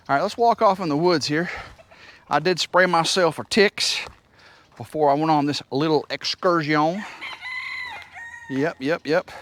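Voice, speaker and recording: Walking through his wooded homestead, a vlogger gives a rambling, folksy tour and teases his rooster along the way. His voice is a little high with a fairly bright tone, and there's slight background noise.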